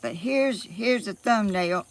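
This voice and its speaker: A woman's voice: mid-range voice, slow pace. A woman with a Southern US accent, rambling in a folksy way on a live stream from her phone outdoors, a little out of breath. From Georgia, US South. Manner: rambling and folksy, with frequent laughs and fillers. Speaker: vlogger.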